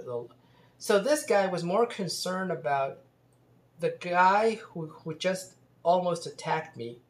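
Man, somewhat high voice, casual storytelling vlog, rambling delivery full of restarts, recorded in an echoey room. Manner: rambling, many restarts and fillers. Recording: roomy echo.

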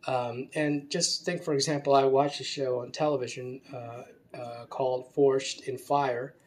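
A man giving an unscripted talk, halting often with fillers and restarts. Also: mid-range voice, flat delivery. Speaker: speaker giving a talk on gender. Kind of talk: unscripted lecture.

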